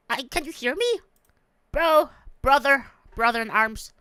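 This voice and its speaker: A young woman streaming a game, loud and excitable, swearing and mocking the characters she meets. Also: high-pitched, a little slow, clean tone, no room sound, clean studio sound.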